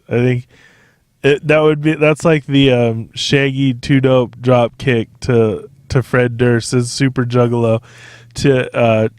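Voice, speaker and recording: A man's voice: medium pitch, darkish tone, clean tone, dry recording, studio quality. Profane rambling male podcaster. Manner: profane, digressive, laughs often. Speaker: podcast host. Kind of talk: rambling solo podcast monologue.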